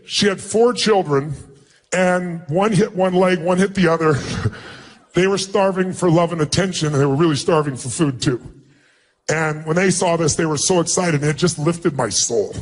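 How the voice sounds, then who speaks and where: A man with a husky, somewhat raised voice addresses an audience as a motivational speaker. He tells a personal story with emphatic delivery and acts out the people in it. His tone is earnest and stirring. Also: sits high.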